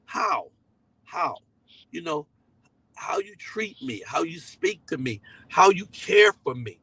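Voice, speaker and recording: A man's voice: fairly high pitch, very animated, slow pace, a bit bright, slightly rough, no room sound, poor audio. A middle-aged man, a pastor, preaching in a conversational, emphatic way, often repeating key phrases. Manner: slips into voices when quoting people. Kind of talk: sermon-style teaching to a live online audience.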